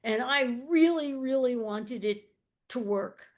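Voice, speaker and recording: A woman's voice: a little high, slow pace. A woman talking enthusiastically in a casual fan chat, praising what she loved. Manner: enthusiastic, warm-hearted praise. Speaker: panelist.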